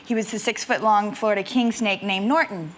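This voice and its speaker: A woman's voice: mid-range voice, fairly even intonation, brisk. A woman actress chatting as a talk show guest, rambling and laughing easily. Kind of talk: chat show anecdote. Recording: studio with audience and noise.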